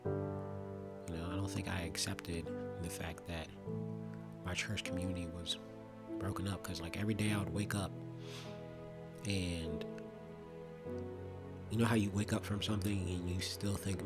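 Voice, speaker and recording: A young man speaking earnestly and reflectively about his own experience, with frequent pauses and restarts. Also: low voice, little pitch movement, loud music behind the voice. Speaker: vlogger. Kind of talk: personal testimony monologue.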